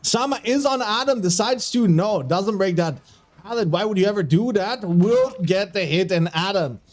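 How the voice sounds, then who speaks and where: Commentating a community video game tournament on a live stream, a man speaks at a moderate pace in a high-pitched voice with lively intonation. He keeps breaking into giggles and, once flustered, trips on his words and starts over.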